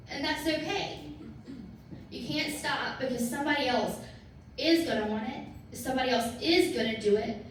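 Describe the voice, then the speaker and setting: A woman giving an emphatic motivational talk to her sales team, repeating her points for effect. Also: a little high. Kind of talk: motivational talk to a live audience. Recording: echoey room from far off, faint noise.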